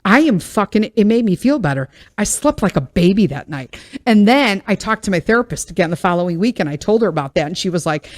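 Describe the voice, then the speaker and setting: A woman podcast host in a casual storytelling monologue, with a voice that rises and dips across a lively pitch range. She is blunt and profane, venting with plenty of swearing. She often turns wry and laughs at herself. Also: fast talker, hardly any pauses.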